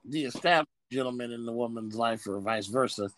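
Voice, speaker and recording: A man's voice: mid-range voice, a little fast, no echo. A man co-hosting a podcast, talking bluntly in a casual, profane way. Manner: blunt, profane, animated storytelling. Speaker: podcast co-host.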